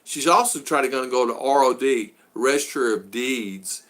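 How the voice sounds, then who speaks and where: A man chatting casually to his live-stream audience, with a bright, forceful voice. He rambles with lots of "uh"s and restarts and stops to greet viewers by name. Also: medium pitch, normal speed. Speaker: vlogger hosting a live stream.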